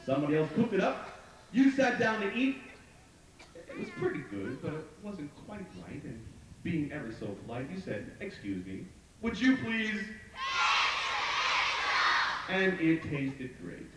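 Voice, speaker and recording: His voice is a little high and his pace moderate as he tells a story on an outdoor park stage, lively and leading the audience through call-and-response chants and sound cues. The recording is distant and echoey, with crowd and other noise.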